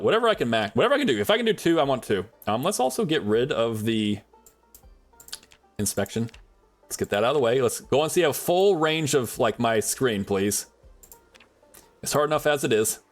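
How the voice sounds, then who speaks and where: Male streamer, casual, rambling; lively voice, talks to chat and to objects in the game. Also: medium pitch. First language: English is his only language. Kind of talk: casual gameplay commentary.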